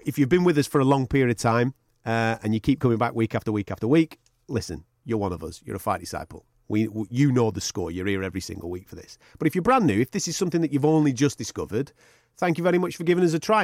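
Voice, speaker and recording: A man's voice: medium pitch, animated, racing, darkish tone, no room sound, clean studio sound. A man co-hosting a podcast in casual, sweary banter, often laughing. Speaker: podcast co-host.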